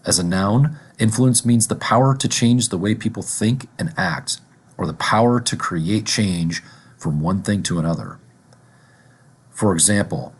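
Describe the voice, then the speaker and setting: A man teaching a vocabulary lesson, deliberately repeating each word and its examples. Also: fairly low pitch, husky.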